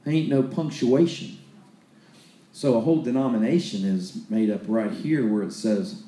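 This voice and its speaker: A man's voice: on the low side, expressive, moderate pace, dark tone, echoey room. A man preaching a sermon in a folksy, storytelling way, often restarting his sentences.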